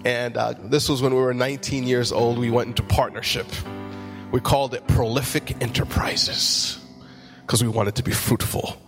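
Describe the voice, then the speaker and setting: A man's voice: mid-range voice, fairly even intonation, moderate pace, over music. A man, a pastor, preaching a sermon in church and telling funny stories with acted-out quotes. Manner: humorous storytelling, acts out quotes.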